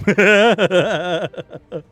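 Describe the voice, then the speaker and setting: A man narrating a tabletop game as game master, animated and quick to laugh. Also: high voice, soft background music.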